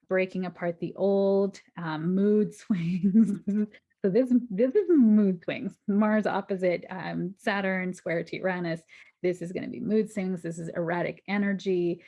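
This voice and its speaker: A woman's voice: lowish voice, darkish tone. A woman giving a casual weekly astrology forecast, chatty and reassuring, often laughing as she talks.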